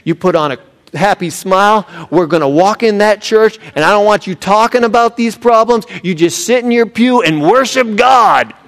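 A pastor acting out a gruff, exasperated father scolding his family in the car. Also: sits high, normal speed, a bit bright, in a large hall, pitched above the performer's own voice. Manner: barking, bossy.

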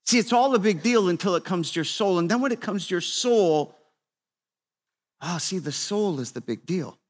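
A man in his fifties preaching a sermon to a room, conversational and repetitive, swinging between quiet asides and emphatic, raised exhortation. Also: high-pitched, animated, moderate pace. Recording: long reverb of a large hall.

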